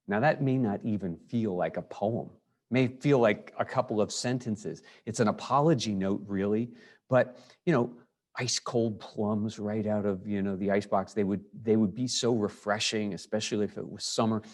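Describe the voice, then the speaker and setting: A man teaching a high school English lesson, talking in a loose, conversational way with frequent fillers and restarts. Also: moderate pace, a little mellow. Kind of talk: recorded lecture.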